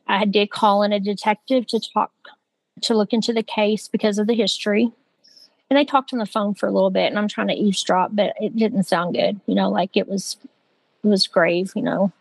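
A woman's voice: medium pitch, creaky, dry recording, low-quality recording. A woman, speaking as the victim's sister and recounting what happened in a conversational way, with lots of fillers. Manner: conversational, with many "like" and "you know" fillers. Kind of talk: recounting a personal story.

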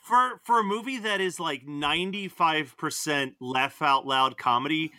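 Podcast host, male, high-ish bright voice, animated casual delivery, dry close sound. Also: normal speed, dry recording. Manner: animated, laughs often, retells scenes. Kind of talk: casual movie discussion.

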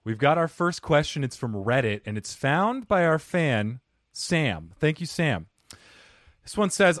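A man hosting a podcast, chatting casually in a playful, animated way and laughing easily. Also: a little high, a little slow, no echo, clean studio sound. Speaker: podcast host. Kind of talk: casual chat.

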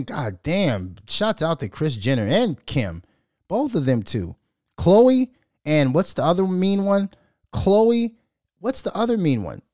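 A man hosting a podcast, ranting loudly and profanely in casual commentary, mocking and joking as he goes. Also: medium pitch, dry recording, studio quality. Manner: profane, loud, mocking, animated. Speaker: podcast host.

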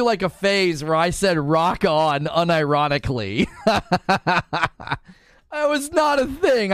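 With a fairly high pitch and a voice that swings up and down a lot, a man in his forties tells animated, laughing stories while hosting a casual livestream chat. Faint music can be heard underneath.

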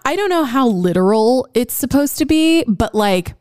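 A woman in casual chat about a film, frank and animated, who swears freely and trails off into fillers. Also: a little high, moderate pace, smooth, dry recording, clean studio sound.

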